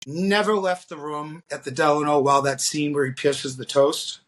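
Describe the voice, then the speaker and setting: A middle-aged man from the Boston area, a guest drag performer, telling animated stories and acting out the voices of the people in them. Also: a little high, normal speed. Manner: animated storyteller, acts out quoted voices. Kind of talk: storytelling interview.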